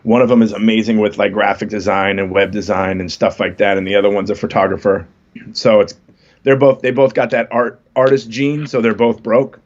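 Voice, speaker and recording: A man's voice: on the low side, flat delivery, fairly quick, dull audio. A man in his fifties, a comedian guest, chatting casually on a podcast and telling stories with self-deprecating jokes. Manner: laid-back storytelling, self-deprecating jokes.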